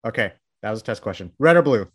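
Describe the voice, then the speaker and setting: A man's voice: lowish voice, animated, fast talker, a bit bright, breathy edge. A man hosting a casual interview, talking in a rambling, enthusiastic way with many restarts. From Texas. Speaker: interviewer and publication founder.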